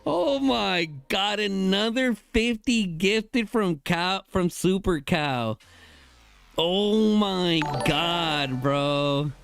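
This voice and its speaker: A young man streaming a game live, talking to his chat in casual slang and bursting into excited high exclamations. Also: very slow, a little hiss or hum.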